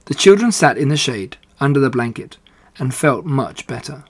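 A man reading a children's book aloud in a steady, unhurried way. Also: mid-range voice, slightly rough, dry recording. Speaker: reader.

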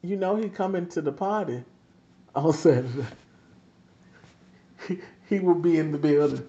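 A woman co-hosting a casual chat, playful and quick to laugh, with a drawn-out delivery. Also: sits low, mellow, dull audio. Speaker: co-host.

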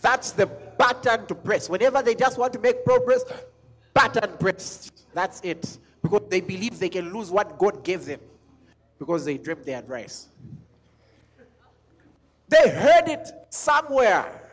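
A man's voice: high-pitched, moderate pace, a bit bright. A man preaching a sermon as a pastor, driving his points home with repeated questions and sometimes lifting scripture into a chant. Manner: emphatic, repeats lines, sings scripture.

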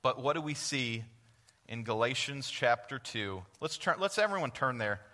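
A man's voice: medium pitch, animated, moderate pace, pushed and bright, in a large hall. A man preaching a sermon as a guest speaker at a church, earnest, putting questions to the congregation and answering them himself. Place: church sanctuary.

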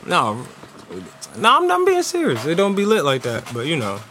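Rich A New man with a high voice trades loud jokes in casual podcast banter. He repeats his punchlines and swears freely, and faint room noise sits behind him. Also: huge pitch swings, moderate pace. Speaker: podcast co-host.

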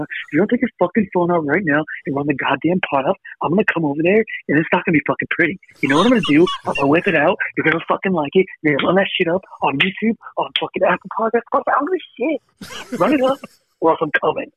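Man putting on a foul-mouthed, high-pitched, menacing hype man. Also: expressive, fast, highs cut off, background noise. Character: profane, threatening male podcast hype man.

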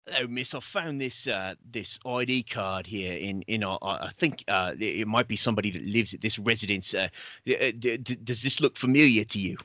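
A man's voice: on the low side, a little fast, bright, forceful tone, no room sound. A man voicing a bumbling, polite British police officer with a British accent, stammering and hesitant.

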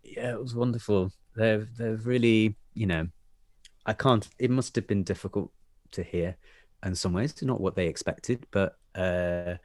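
A man's voice: on the low side, measured pace, no echo, studio quality. A man, an actor and A&E doctor, candidly telling personal stories in conversation, laughing often and acting out family dialogue. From United Kingdom.

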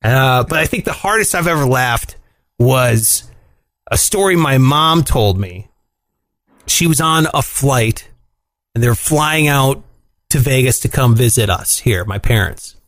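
Young guy, podcast co-host, lively swings in pitch, dry close mic, casual storyteller. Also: measured pace, no echo. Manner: animated storyteller, swearing, lots of "like" and "dude". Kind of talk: casual chat.

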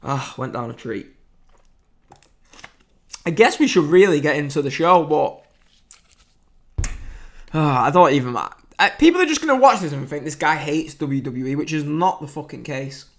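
A man's voice: a little high, lively intonation, moderate pace, long pauses. A man, hosting a wrestling podcast in an exasperated, sweary ranting style. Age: 20s. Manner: exasperated, sweary, swings from loud outbursts to mutters. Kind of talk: casual ranting commentary.

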